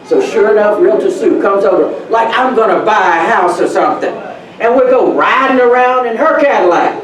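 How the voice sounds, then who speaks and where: A real estate speaker gives a motivational talk to an audience at a meetup in a meeting room, telling stories animatedly and laughing at his own tales. His voice is high and fairly quick, recorded from a distance in a roomy hall with faint background noise.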